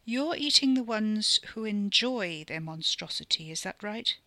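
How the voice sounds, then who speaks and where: Woman doing an old otherworldly male enchanter for an audio story: measured, cryptic, bright dry read. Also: mid-range voice, animated, dry recording, pitched above the performer's own voice. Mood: probing. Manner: measured, riddling, unhurried.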